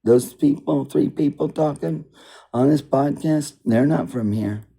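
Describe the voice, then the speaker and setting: Man, dark and husky, rambling indignant political monologue, repeats himself. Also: a little high, measured pace. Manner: rambling and repetitive, circles back to the same points. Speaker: political commentator. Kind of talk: unscripted monologue.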